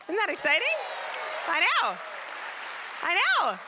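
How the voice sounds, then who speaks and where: A woman's voice: extremely high pitch, huge pitch swings, takes it slowly. A Canadian woman in her forties doing a chatty, self-mocking stand-up set on a theater stage, teasing the crowd. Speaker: stand-up comedian. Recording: live theater recording, long hall reverb, faint crowd noise.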